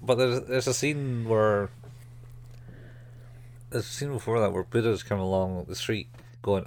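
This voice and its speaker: Low-voiced man retelling a show. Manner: animated storyteller, slips into quick character voices. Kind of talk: casual chat recapping a show.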